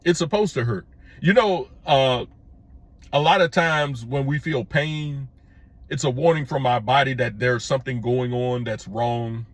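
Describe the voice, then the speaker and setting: Speaking a little slowly with no echo, a plain-spoken middle-aged man delivers an opinion monologue as a commentary vlogger, calling his viewers "folks." He's emphatic, goes over his points repeatedly, and his pitch climbs sharply when he drives one home.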